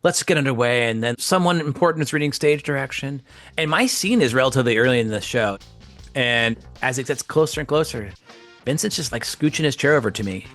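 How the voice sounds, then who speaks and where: Brief: middle-aged man, lively storyteller, swoops in pitch, faint music under. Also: fairly quick, no room sound. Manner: animated, acts out quoted voices. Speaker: guest actor telling a story. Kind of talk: casual anecdote.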